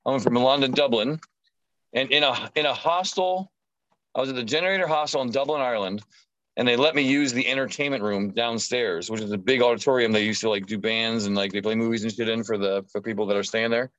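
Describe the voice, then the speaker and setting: A man who is a tattoo artist, guesting on a podcast and telling stories in a profane, animated way, swearing constantly. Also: medium pitch, fast talker, no room sound, highs cut off. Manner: animated anecdotal storyteller. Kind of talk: casual storytelling chat.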